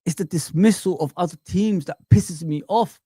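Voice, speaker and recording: A man hosting a live chat stream, ranting in an animated, exasperated way with repeated phrases. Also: sits high, normal speed, slightly rough, dry recording, clean studio sound.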